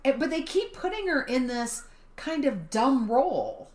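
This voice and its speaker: Woman co-host, bright higher voice with lively swings, quick-witted banter. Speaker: podcast co-host. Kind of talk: casual chat. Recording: roomy echo.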